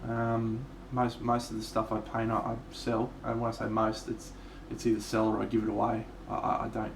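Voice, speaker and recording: Laid-back gravelly Australian man. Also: on the low side, monotone, moderate pace, background noise. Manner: swears freely, laid-back and chatty. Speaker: miniature painter streaming live. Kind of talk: casual live-stream chat. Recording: echoey room.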